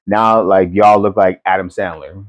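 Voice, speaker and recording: A man's voice: low voice, steady tone, normal speed. A middle-aged man co-hosting a family podcast, teasing and laughing as he tells stories. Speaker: podcast co-host, parent. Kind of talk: casual family chat.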